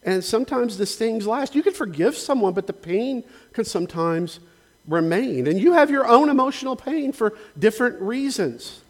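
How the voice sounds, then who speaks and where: High-voiced pastor in a reverberant hall. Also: male voice. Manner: conversational, earnest, frequent restarts and asides. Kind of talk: sermon. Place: church sanctuary.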